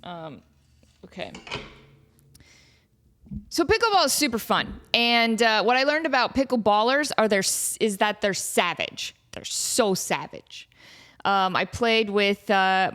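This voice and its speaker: A woman in her thirties hosts a podcast from her home near Las Vegas, joking through fan questions in casual chat with plenty of fillers and asides. Her voice is mid-range and a bit bright.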